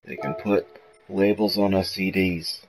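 A man doing a rough impression of a defiant aging rock frontman with a raspy voice. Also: low voice, steady tone, unhurried, soft background music, rough recording. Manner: defiant rant.

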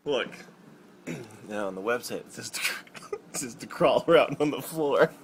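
A man doing improvised comedy bits at home, goofy and mocking, shouting and laughing into a camera mic. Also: medium pitch, animated, a little slow, a little hiss or hum. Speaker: comedian filming prank videos at home. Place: family home.

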